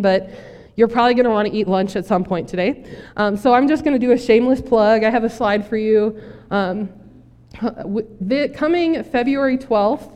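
A woman's voice: mid-range voice, a little mellow, clean tone. A woman pastor preaching a sermon in a casual, joking, direct way. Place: church sanctuary. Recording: long reverb in church.

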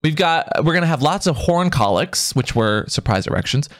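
Podcast host, male, casual banter, playful and teasing, fairly high voice with lots of swing. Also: expressive, moderate pace, a bit bright. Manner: playful, teasing, laughs often.

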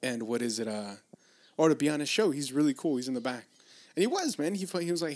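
A man's voice: fairly high pitch, expressive, quick pace, a little mellow. A man from Los Angeles in casual chat on a podcast, rambling, laughing often and swearing casually.

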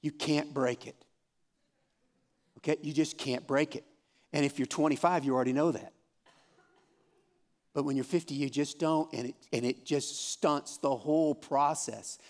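Brief: man in his fifties, fairly high voice, folksy, encouraging Bible teacher for a room audience. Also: fairly even intonation, normal speed, long pauses. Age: 50s. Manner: encouraging, folksy, repeats himself. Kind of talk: conversational Bible study teaching. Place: room with a live audience, also streamed.

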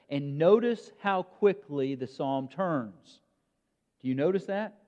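A man preaching a sermon in a measured, emphatic way, with dramatic pauses. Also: on the high side, expressive, darkish tone. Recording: long reverb, dull lo-fi sound.

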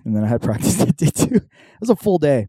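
A man's voice: on the high side, sing-song, fast talker, warm tone, husky, no room sound. A young man, hosting a podcast and telling a story in casual chat, swearing a lot and acting out the voices of people in it. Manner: laid-back storyteller, swears a lot, acts out quotes. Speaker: podcast host.

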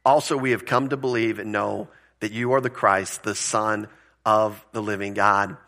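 A man's voice: lowish voice, fairly even intonation, normal speed, sharp tone. A male pastor giving a conversational sermon, explaining word meanings and asking rhetorical questions, with the odd chuckle.

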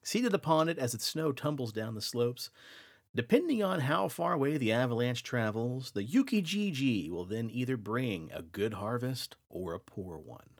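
A man's voice: medium pitch, sing-song, moderate pace. A podcast host telling winter folklore tales in a casual, playful way, teasing his co-host.

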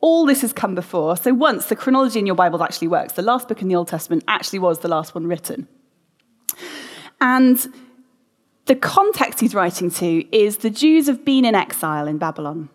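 A woman's voice: medium pitch, expressive, fairly quick. Woman preacher, conversational sermon, long echoing hall reverb. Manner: conversational, asks the congregation questions. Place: church hall.

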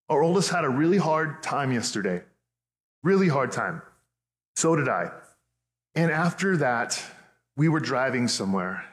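A man's voice: mid-range voice, sing-song, a little slow, pauses often. A man in his thirties preaching a sermon as pastor, earnest and conversational, often restarting his phrases. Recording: echoey hall with long reverb.

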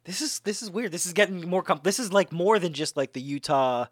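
A man's voice: high voice, brisk, no room sound, clean studio sound. A man co-hosting a casual podcast, cracking goofy self-deprecating jokes. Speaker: podcast co-host.

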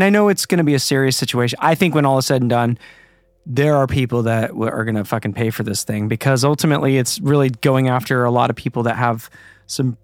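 A man's voice: medium pitch, no echo, clean studio sound. A man in casual podcast chat who teases, swears freely and riffs on topics. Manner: blunt, profane, riffing and teasing.

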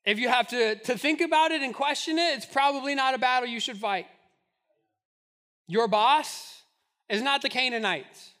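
A man preaching a sermon in an animated way, acting out the voices of the people in his stories. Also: extremely high pitch, moderate pace. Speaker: pastor.

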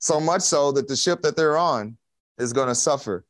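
A man's voice: fairly high pitch, normal speed, no room sound. A man preaching a conversational sermon in a casual, folksy way, with slang and chuckles.

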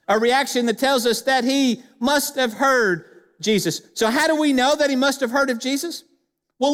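A man's voice: high-pitched, a bit bright, big-room sound. A man preaching a sermon as pastor, speaking emphatically and putting questions straight to the congregation. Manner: emphatic, addresses the church directly with questions. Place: church sanctuary.

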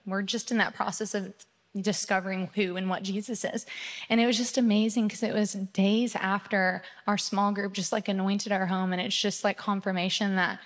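Young woman, church testimony, chatty and animated, long hall echo. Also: medium pitch, normal speed. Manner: chatty, filler-heavy, excited retelling. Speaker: church member giving testimony. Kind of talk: personal testimony. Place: church sanctuary.

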